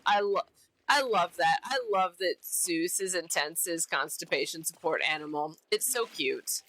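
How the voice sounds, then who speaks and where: A woman's voice: mid-range voice, pushed and bright, no echo, rough recording. A woman streamer chatting casually while she plays a game, bubbly and repeating herself often. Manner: bubbly, repeats herself, giggly silly name-calling.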